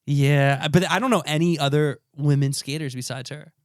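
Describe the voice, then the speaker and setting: A man's voice: a little high, unhurried, dry recording, studio quality. A man co-hosting a podcast in casual chat, joking and loose, swearing now and then. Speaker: podcast co-host.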